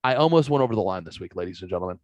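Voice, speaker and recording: A man's voice: sits low, lively intonation, racing, a little mellow, dry recording, dull audio. Profane rambling male podcast host. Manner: profane, rambling anecdotes, mimics others' voices. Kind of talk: casual podcast chat, storytelling.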